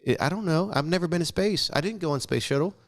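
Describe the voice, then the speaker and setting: A man's voice: a little high, fast. A young adult man in casual chat on a podcast, telling stories bluntly with swearing and acting out the dialogue. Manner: blunt, profane, animated storyteller acting out dialogue. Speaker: podcast guest.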